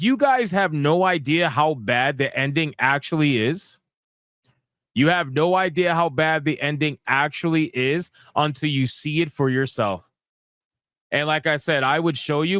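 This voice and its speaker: A man's voice: a little high, fairly bright tone, dry recording. A man giving casual, profane gaming commentary, ranting in exasperation and repeating himself.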